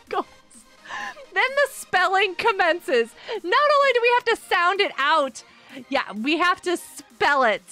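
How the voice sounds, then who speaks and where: A woman's voice: extremely high pitch, very animated, takes it slowly, pauses often, sharp tone, soft background music. A young woman streaming a game, chatting casually, giggling and sounding out words.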